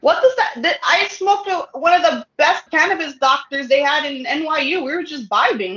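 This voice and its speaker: A woman guest talking casually about her work as a cannabis educator, animated, laughing often and acting out dialogue. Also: high-pitched, normal speed, hardly any pauses. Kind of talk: casual interview chat. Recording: dull lo-fi audio in an echoey room.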